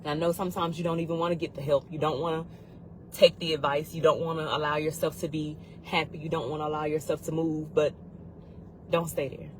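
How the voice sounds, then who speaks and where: A woman's voice: low-pitched, level tone, brisk, slight background noise, poor audio. A woman giving a heartfelt motivational talk on grief, earnest and urgent, repeating key phrases for emphasis. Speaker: grief support speaker.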